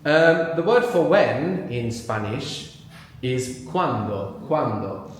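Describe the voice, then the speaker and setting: Male teacher, mid pitch, leads a live room with brisk prompts; very reverberant hall sound. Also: lively intonation, a little hiss or hum. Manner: prompting, quick explanations with pauses for answers. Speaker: language teacher leading a live workshop. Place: large room with a live audience. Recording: very echoey room.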